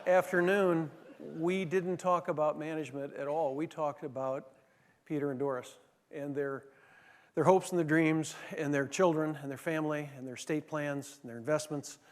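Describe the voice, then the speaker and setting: A man's voice: fairly high pitch, fairly even intonation, normal speed. A man giving an anecdotal leadership talk, telling stories with many fillers and restarts. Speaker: former managing partner giving a talk. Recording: long hall reverb.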